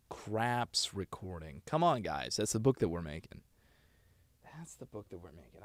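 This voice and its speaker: A man's voice: deep voice, big pitch swings, normal speed, dry recording, clean studio sound. A man streaming live, greeting his chat with playful, joking banter. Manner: playful, joking, goofy asides. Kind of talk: casual livestream chat.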